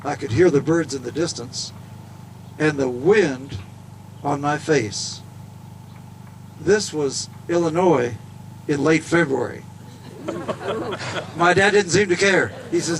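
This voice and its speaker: Animated male speaker, folksy and funny, slightly high voice, outdoor event recording with faint background noise. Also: slow, pauses often. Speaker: golfer and speaker. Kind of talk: storytelling speech outdoors.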